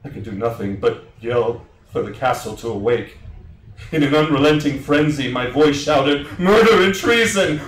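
A grief-stricken immortal Scottish warrior, played by a man pours out a melodramatic stage monologue. His mid-pitched voice rings through a roomy theater. It is heard from a distance. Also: a little hiss or hum, natural voice. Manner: melodramatic, swings into shouted outbursts. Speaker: actor in a staged reading.

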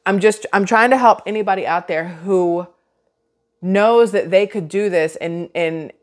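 A woman's voice: mid-range voice, unhurried. A woman, giving casual vlog commentary in a chatty, sarcastic, rambling way full of restarts. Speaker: vlogger.

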